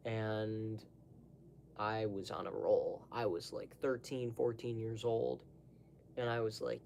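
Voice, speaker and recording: Rambling young man with a gravelly voice. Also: on the low side, steady tone, measured pace, darkish tone, a little hiss or hum. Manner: rambling, digressive, with many fillers and asides. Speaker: vlogger. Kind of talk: casual monologue to camera.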